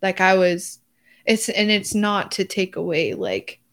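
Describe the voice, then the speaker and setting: A woman's voice: medium pitch, sing-song, measured pace, fairly bright tone. A young woman co-hosting a podcast, talking casually in an effusive, rambling way full of restarts. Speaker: podcast co-host. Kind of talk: casual chat.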